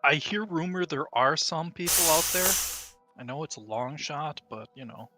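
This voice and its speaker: A man's voice: on the high side, lively intonation, moderate pace, over music. A man casually chatting and joking with a fellow player during a game stream. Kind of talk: casual chat.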